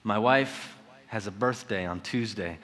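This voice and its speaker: A man in his thirties preaching a sermon, conversational and joking, with sudden loud emphasis. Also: lowish voice, unhurried. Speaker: pastor. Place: church sanctuary. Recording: long hall reverb.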